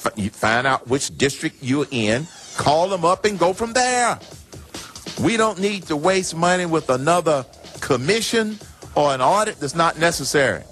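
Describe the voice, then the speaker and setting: A man heard in an archival talk radio clip, explaining things in a measured, reassuring way. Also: fairly high pitch, lively intonation, fairly bright tone, soft background music. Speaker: radio guest.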